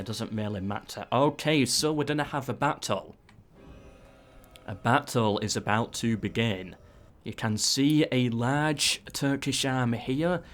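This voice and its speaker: A man narrates a strategy game in casual play-by-play style. He talks at a middling pitch and keeps breaking into excited asides as the action turns. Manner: excitable, frequent "ooh"s and asides.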